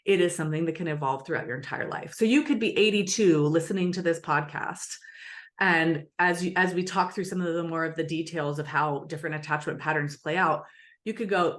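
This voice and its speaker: A woman's voice: fairly low pitch, steady tone, normal speed. A woman guest on an interview podcast, explaining things earnestly and acting out little example dialogues. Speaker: attachment expert guest.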